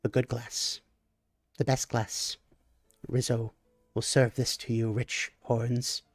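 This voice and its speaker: A man's voice: a little high, big pitch swings, slow pace, dry recording, studio quality, exaggerated voice. A man voicing a greedy, fawning male kobold barkeep who talks in broken grammar. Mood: hushed.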